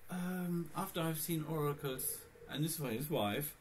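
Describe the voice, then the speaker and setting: A man's voice: fairly high pitch, measured pace, slight background noise. A man vlogging casually about his computer setup, rambling and talking straight to his viewers. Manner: rambling, chatty, addressing viewers. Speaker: Linux vlogger. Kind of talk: casual screencast vlog.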